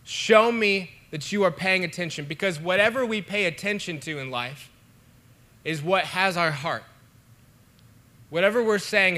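Young male pastor, bright and forward tone, casual conversational sermon. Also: sits high, unhurried. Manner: casual, conversational preaching with many fillers. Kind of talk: online sermon.

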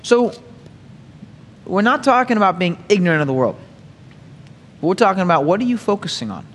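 High-voiced man teaching scripture in a hall. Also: big pitch swings, a little fast, fairly bright tone. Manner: conversational, asks rhetorical questions with frequent "right?" and "okay?". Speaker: Bible study teacher. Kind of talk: sermon-style Bible teaching.

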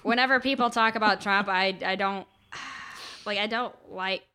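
A woman's voice: medium pitch, a little slow, pushed and bright, smooth. A woman in her twenties co-hosting a podcast, sarcastic and mocking in casual chat. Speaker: podcast co-host.

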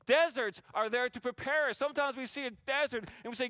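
Male preacher, high and bright, smooth and clear, dry close sound; asks the room questions, dramatizes scripture. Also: brisk, hardly any pauses, no room sound. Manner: preaching with rhetorical questions to a congregation; acts out biblical speakers in raised voice. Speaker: pastor. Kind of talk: sermon.

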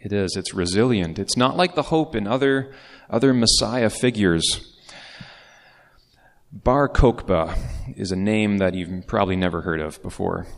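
A man's voice: on the low side, a little slow, gravelly. A man preaching a sermon as pastor, in a conversational way with casual asides. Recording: long reverb of a large hall.

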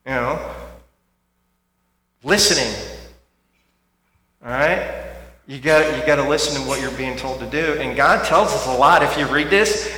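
A man preaching a sermon in a church, talking conversationally and swinging from quiet reflection to loud emphasis. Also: mid-range voice, unhurried, long pauses. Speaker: pastor. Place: church sanctuary. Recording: echoey hall with faint hum.

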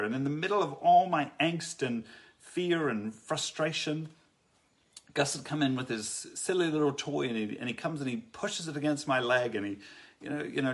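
A man giving an earnest, reflective faith talk, often pausing and restarting his sentences. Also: medium pitch. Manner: earnest, halting, many restarts. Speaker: Christian speaker.

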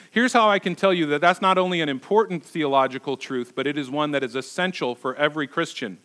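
A man's voice: on the high side, fast talker, few pauses, a bit bright. A man preaching as a pastor, conversational and emphatic, asking his listeners rhetorical questions. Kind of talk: sermon.

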